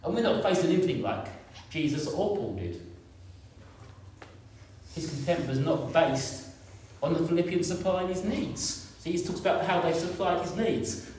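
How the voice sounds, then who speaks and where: A man in his fifties, fairly high-pitched and a little mellow, preaches a conversational sermon, repeating his points and putting questions to the congregation. The audio has slight hiss or hum and is captured from a distance in an echoey room.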